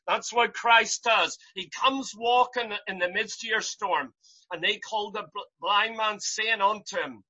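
A preacher delivering an impassioned sermon, piling up rhetorical questions and rising to loud cries. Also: mid-range voice, moderate pace, slightly rough, dull audio.

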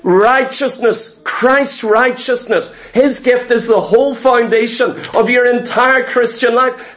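Male preacher, strikingly high pitch, emphatic sermon delivery that drives points home by repetition. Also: fairly bright tone. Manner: emphatic, rhetorical questions and repeated phrases. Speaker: pastor.

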